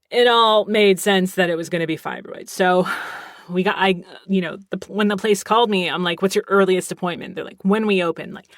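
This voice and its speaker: Lady podcast host rambling thru a story, lowish voice, dry close sound. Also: no room sound. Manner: chatty, animated, quotes others, swears casually. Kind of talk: casual storytelling.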